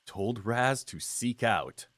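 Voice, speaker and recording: A man's voice: medium pitch, animated, slow, a bit bright, no echo. A man streaming a video game, chatting playfully with his viewers and laughing often. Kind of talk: casual gameplay commentary.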